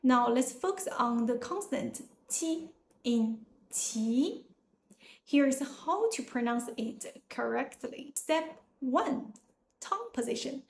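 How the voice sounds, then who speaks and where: A young woman with a Chinese accent, a native Chinese speaker, teaching pronunciation slowly and carefully. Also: high-pitched, lively intonation, echoey room, a little hiss or hum. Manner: slow, careful, deliberate explanation. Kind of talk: pronunciation lesson.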